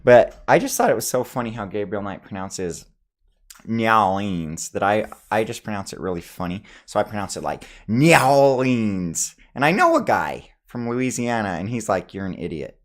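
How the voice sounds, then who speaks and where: A man's voice: fairly low pitch, big pitch swings, fairly quick, few pauses. A man in a casual accent tag video, playfully thinking aloud about how he says each word, recorded in a small home studio. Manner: playful, musing aloud over his own pronunciations. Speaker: vlogger.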